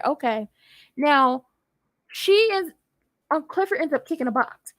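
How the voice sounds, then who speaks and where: A woman giving a casual TV episode recap, sassy and animated with playful asides. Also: high-pitched, unhurried, pauses often, dry recording. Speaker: TV recap YouTuber.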